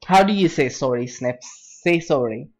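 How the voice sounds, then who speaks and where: A man's voice: mid-range voice, expressive, moderate pace. A man streaming a game and chatting casually with friends over voice chat, teasing and laughing often.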